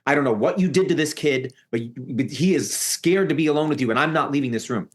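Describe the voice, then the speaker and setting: Male podcast guest, earnest emotional storyteller, voice rises steeply at key moments. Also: quick pace. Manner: earnest, voice rising high when reliving the shouting. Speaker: guest telling his life story.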